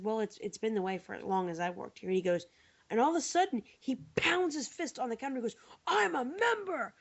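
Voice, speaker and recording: A woman's voice: fairly high pitch, vocal fry. A woman co-hosting a podcast, telling a long story in casual chat with lots of fillers, tired. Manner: rambling, animated storytelling with many fillers. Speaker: podcast co-host. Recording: dull lo-fi podcast audio.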